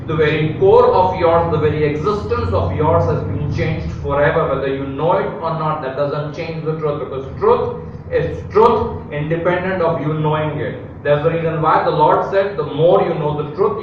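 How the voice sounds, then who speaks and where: A man's voice: fairly high pitch, muffled recording, a little hiss or hum. Emphatic preaching man in an echoing hall. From India. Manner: emphatic preaching with repeated phrases and rhetorical questions. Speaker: pastor. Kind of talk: live sermon. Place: large church hall. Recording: very echoey hall, mic at a distance.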